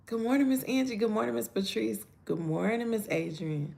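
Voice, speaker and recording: A woman's voice: a little high, animated, brisk, creaky, few pauses, mellow. A woman hosting a casual live-stream devotional, greeting viewers by name in a chatty way. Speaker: devotional livestream host.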